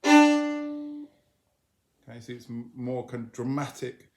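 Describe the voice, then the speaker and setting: A man teaching a violin lesson in a relaxed, explanatory way, often singing phrases of the tune on nonsense syllables. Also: medium pitch, measured pace, faint music behind. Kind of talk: instructional lesson video.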